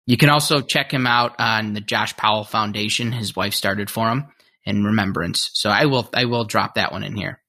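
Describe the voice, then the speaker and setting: Relaxed male co-host, bright voice, conversational. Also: fairly low pitch, moderate pace. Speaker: podcast co-host. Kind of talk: casual chat.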